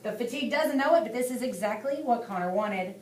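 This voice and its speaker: A woman reading an audiobook as narrator, in a steady, lightly dramatic way. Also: on the high side, fast. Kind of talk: scripted narration. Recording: echoey room, distant mic, faint hiss.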